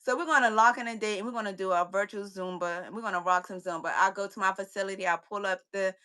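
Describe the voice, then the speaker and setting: A woman who runs a fitness business, a guest telling a story, preaching a lesson and repeating her key phrases with lively energy. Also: medium pitch, fast, clear, resonant tone, low-quality recording. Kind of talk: motivational storytelling chat.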